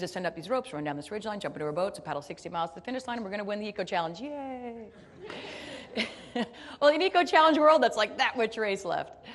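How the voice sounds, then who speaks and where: A woman from the United States gives a motivational keynote in a mid-range voice. She tells a story in an animated, playful, self-deprecating way, speaking straight to her audience.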